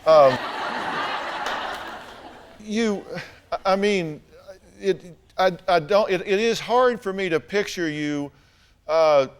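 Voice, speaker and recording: A man's voice: high-pitched, takes it slowly, long pauses, a little hiss or hum. Southern male talk show host, blunt, dry-humored questioner, studio stage. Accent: Southern American. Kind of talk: confrontational interview questioning.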